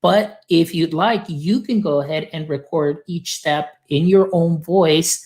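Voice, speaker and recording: A man's voice: a little high, a little slow, darkish tone. Upbeat male educator, casual screen-share demo voice, talky and friendly. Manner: upbeat, chatty, lots of filler phrases. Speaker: guest demonstrating software; educator supporting teachers.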